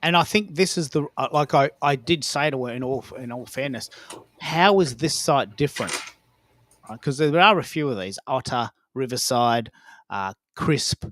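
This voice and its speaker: A man co-hosting a casual podcast chat, telling stories in an animated, emphatic way. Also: mid-range voice, moderate pace, dry recording. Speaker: co-host.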